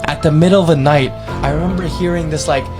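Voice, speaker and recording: Casting: young man, higher voice, excitable slangy storytelling, music behind. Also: fast talker. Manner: animated, swearing, slangy. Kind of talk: casual chat, retelling a scary experience.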